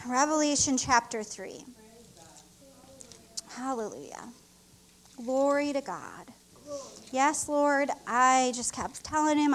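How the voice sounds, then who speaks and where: A woman's voice: high-pitched, a little slow, fairly bright tone. A middle-aged woman co-pastor preaching an emotional, heartfelt sermon with rising exclamations.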